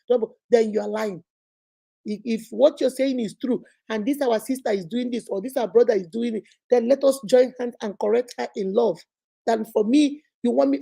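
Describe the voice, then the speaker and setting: A middle-aged woman lectures on relationships in a high, mellow voice. She is animated and preachy and acts out other people's lines as she goes. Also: brisk, vocal fry, husky. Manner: animated, preachy, mimics voices and laughs often. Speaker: host. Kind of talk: motivational talk on relationships.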